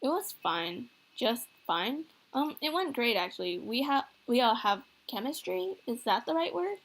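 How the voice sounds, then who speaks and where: Brief: woman voicing a mortified teen boy, exasperated, fairly high voice. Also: big pitch swings, moderate pace, vocal fry, fairly bright tone, heavily acted. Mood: flustered. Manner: flustered, exasperated. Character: embarrassed teenage boy, flustered and sarcastic.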